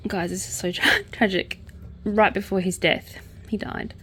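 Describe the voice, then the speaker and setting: A woman's voice: mid-range voice, fairly even intonation, measured pace, fairly bright tone, breathy edge. A young Australian woman hosting a casual chat, reading news aloud and reacting with open sorrow. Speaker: podcast host. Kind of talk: casual true-crime commentary while crocheting.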